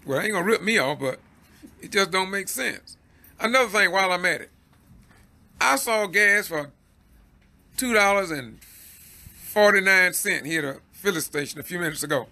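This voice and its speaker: A man from Georgia, USA, with a Southern accent hosts a Facebook Live commentary as a citizen news host, preaching and exhorting while laughing in exasperation. His high-pitched voice is expressive, creaky, pushed and bright, at a normal speed.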